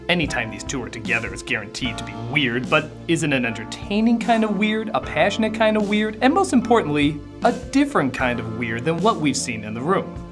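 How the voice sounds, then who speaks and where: A man hosting a comedic film review, sarcastic and exasperated, breaking into shouted outbursts. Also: a little high.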